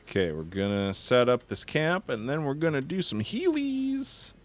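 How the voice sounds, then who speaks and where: A man's voice: medium pitch, big pitch swings, moderate pace, soft background music. A man hosting a let's-play of a video game, chatting casually and joking sarcastically as he plays. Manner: sarcastic, joking, reads game text aloud. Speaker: host of a gaming show.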